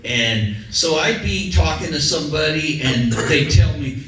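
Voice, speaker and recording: A man's voice: mid-range voice, moderate pace, a bit bright, distant mic, soft background music. Rambling male comedian in an echoey club. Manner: rambling, self-deprecating, lots of fillers. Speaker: stand-up comedian. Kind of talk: stand-up set.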